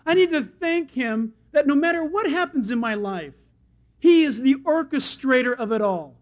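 A man preaching a sermon as pastor, animated and storytelling, slipping into other people's voices. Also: very high-pitched, normal speed. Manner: animated storyteller who acts out crowd voices. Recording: dull lo-fi sermon recording.

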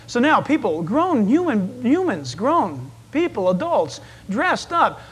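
A man preaching a sermon in an animated storytelling manner, acting out the voices in his stories. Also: extremely high pitch, a little slow, breathy edge. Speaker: pastor.

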